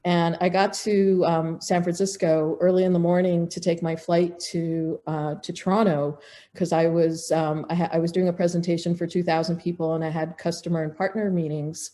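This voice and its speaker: A middle-aged woman, a podcast guest, telling a personal story in a lively way with restarts. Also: fairly low pitch, normal speed. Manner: animated, acts out quoted dialogue, frequent restarts. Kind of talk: casual storytelling in an interview.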